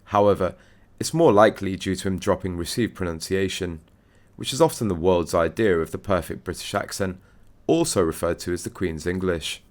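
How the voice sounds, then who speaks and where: A man with a very low voice reads a scripted news segment. His delivery is steady and formal, like a read-aloud bulletin. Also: normal speed. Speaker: news narrator.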